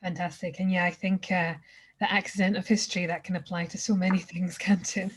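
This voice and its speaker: A woman's voice: fairly low pitch, level tone, brisk, slightly rough. A woman moderating an online conference Q and A over a video call, upbeat and encouraging. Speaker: session moderator. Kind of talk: hosting a Q and A.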